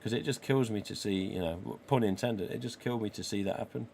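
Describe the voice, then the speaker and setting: He talks at a quick pace in a gravelly, darkish voice on the low side, with a little hiss or hum. He's a forty-something man from England with an English accent, hosting a casual stream, swearing freely and dramatising the lines he quotes.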